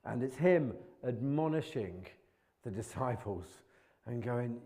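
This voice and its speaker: A man's voice: mid-range voice, expressive, measured pace, darkish tone. A man giving an informal sermon in a church, chatty and colloquial, poking fun at himself, with bursts of emphasis. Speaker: preacher.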